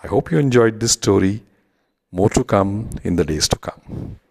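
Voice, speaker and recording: A man narrating a children's story in a slow, deliberate storytelling manner. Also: fairly low pitch, lively intonation, vocal fry, darkish tone.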